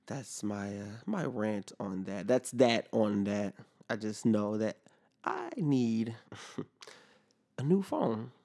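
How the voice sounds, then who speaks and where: Gravelly young man ranting casually. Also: fairly low pitch. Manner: animated, profane, acts out both sides of conversations. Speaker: podcast host. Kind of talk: casual storytelling rant.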